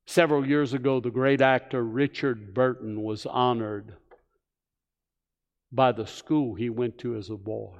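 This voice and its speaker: Slow, earnest preacher in a reverberant hall. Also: male voice, medium pitch, steady tone, highs cut off. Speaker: pastor. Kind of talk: sermon. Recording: church hall with long reverb.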